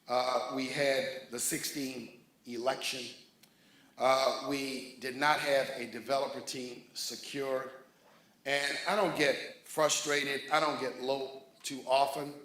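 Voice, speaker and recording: A man's voice: mid-range voice, little pitch movement, takes it slowly, sharp tone. A man giving a jovial, rousing speech at a ribbon cutting, thanking and naming dignitaries from a podium. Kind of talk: public speech to a crowd. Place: large room with a crowd. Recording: echoey hall, crowd noise.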